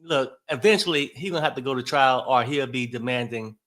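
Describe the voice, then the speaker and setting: A man's voice: mid-range voice, a little fast, fairly bright tone. A man co-hosting a casual chat, laid-back and slangy.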